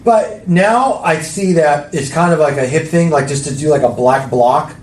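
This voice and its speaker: A man's voice: on the high side, moderate pace, echoey room. A man telling a story in casual podcast chat, rambling and swearing freely. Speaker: podcast co-host.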